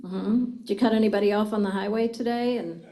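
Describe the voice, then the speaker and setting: A woman's voice: mid-range voice, fairly even intonation, fairly quick, mellow, poor audio. A middle-aged woman presenting a communication seminar to a live audience, engaging them with frequent questions. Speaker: communication trainer.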